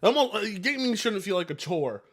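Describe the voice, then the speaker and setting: Animated, expressive male streamer. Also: high voice, fairly quick. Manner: animated, rambling, swears and laughs easily. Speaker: livestream host. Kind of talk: casual live-stream chat.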